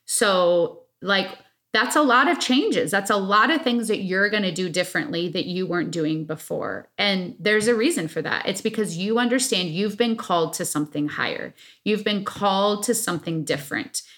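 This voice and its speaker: A woman co-hosting a casual podcast chat, talking earnestly and with emphasis, often pausing on fillers. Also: medium pitch, lively intonation, a bit bright. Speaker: podcast co-host.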